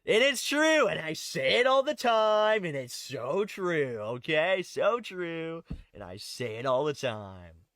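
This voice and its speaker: A man's voice: on the high side, very animated, takes it slowly, fairly bright tone, no room sound. A man hosting an online political commentary show, reading articles aloud with sarcastic, rambling asides. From Canada. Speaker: host.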